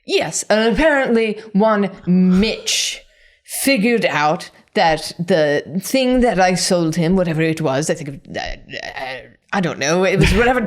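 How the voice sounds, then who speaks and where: A woman voicing a nervous, guilty female suspect who stammers and dodges questions in an improvised tabletop role-play. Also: fairly low pitch. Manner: halting, stammering, evasive.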